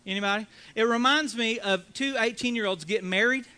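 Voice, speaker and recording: Bright high-voiced preacher with a drawl. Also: male voice, a little fast. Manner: conversational preaching, acts out quotes, calls for congregation response. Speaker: pastor. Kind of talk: sermon.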